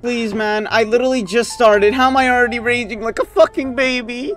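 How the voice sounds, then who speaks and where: A gaming YouTuber giving let's play commentary, raging and swinging between sudden yelps and low muttering. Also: fairly quick, fairly bright tone, soft background music.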